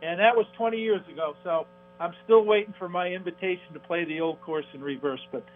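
A man calling in as a radio guest, telling a rambling golf anecdote with halting restarts and acting out the people in it. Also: sits high. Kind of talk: phone-in radio interview, anecdotal storytelling. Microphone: phone. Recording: tinny phone line with faint music.

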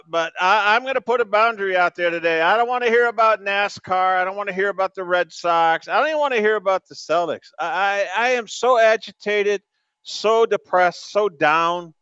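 A man's voice: high-pitched, bright, forceful tone, clean tone, dry recording, highs cut off. A man hosting a call-in sports radio show, ranting in an emphatic, exasperated way. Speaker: sports talk radio host.

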